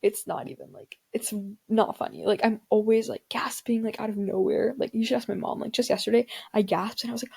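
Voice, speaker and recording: Her pitch is fairly high and her pace fairly quick, with a gravelly, slightly rough, darkish sound. She's a teen podcast host from an Indian family, chatting solo in a dramatic, filler-heavy way.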